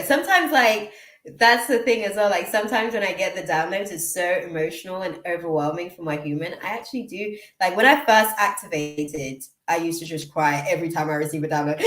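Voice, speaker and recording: A woman's voice: on the low side, animated, moderate pace, fairly bright tone, reverberant. A woman giving a live tarot reading, chatty and emotional, often drifting off to read out names from the chat. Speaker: tarot reader.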